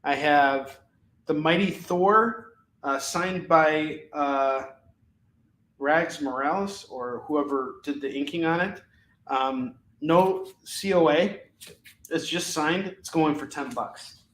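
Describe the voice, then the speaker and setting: A man's voice: fairly high pitch, slow, a bit bright, reverberant, a little hiss or hum, rough recording. A man hosting a live shopping stream, casually rattling off comic books and their prices, with frequent fillers and restarts. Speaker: live shopping show host. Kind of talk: live comic sales pitch.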